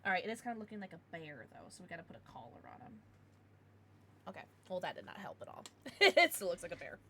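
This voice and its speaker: A woman's voice: fairly low pitch, sing-song, fast, a bit bright, slight background noise. A woman livestreaming, chatting casually with her viewers in a bubbly, giggly way with playful baby-talk asides.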